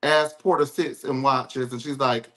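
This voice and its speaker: A man's voice: mid-range voice, steady tone, measured pace, a bit bright. A man hosting a live reality TV review show, chatting casually in a sassy, campy way. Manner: sassy, campy, calls people girl and baby. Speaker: podcast host. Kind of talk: casual reality TV recap chat.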